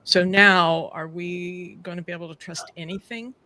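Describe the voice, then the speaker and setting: A woman's voice: lowish voice, steady tone, moderate pace, bright, forceful tone. A host leading a casual panel chat, chatty and laughing as she goes through clips.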